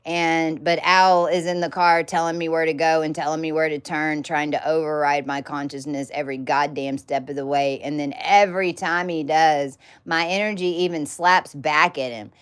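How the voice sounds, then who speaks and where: A woman's voice: deep voice, fairly even intonation, normal speed, hardly any pauses, clean tone. A woman giving a casual teaching talk to her followers, blunt and emphatic, swearing freely and repeating words in bursts. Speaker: spiritual teacher.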